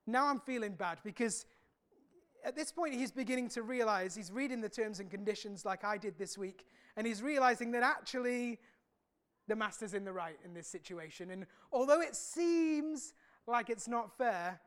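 A woman's voice: a little high, normal speed. A woman preaching a sermon in a frank, conversational way.

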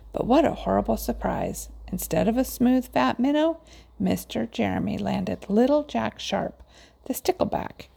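A woman reads a children's storybook aloud with gentle, measured pacing. Her voice sits low with a gravelly edge, and its tone is warm and mellow.

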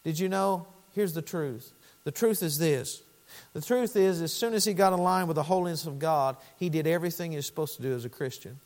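A man with a high-pitched voice preaches fervently in a church sanctuary. His voice swings from hushed pleading to loud urgency. It carries a long, ringing reverb from the hall. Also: fairly quick. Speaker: pastor. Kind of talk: sermon.

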